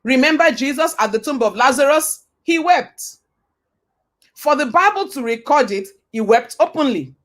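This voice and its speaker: A woman's voice: high voice, lively intonation, normal speed, a bit bright. A woman giving a motivational talk. She speaks emphatically, repeats her points, asks rhetorical questions and sometimes quotes scripture like a preacher.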